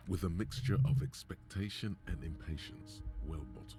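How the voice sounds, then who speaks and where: Man voicing a wry inner-voice narrator, extremely low voice, faint background music, video game. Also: moderate pace, mellow, natural voice. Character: deep-voiced male narrator of inner thoughts.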